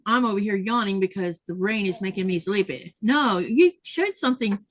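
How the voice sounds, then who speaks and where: A woman's voice: medium pitch, animated, moderate pace. A woman hosting a casual sewing livestream, chatting and laughing often as she reads viewer comments aloud. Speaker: livestream host.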